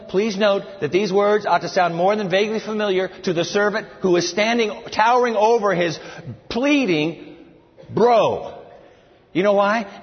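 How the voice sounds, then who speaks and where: A man preaching a sermon from scripture, emphatic and animated, telling his listeners to write things down. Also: high-pitched. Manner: animated and emphatic, tells listeners to take notes. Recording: reverberant hall, dull lo-fi sound.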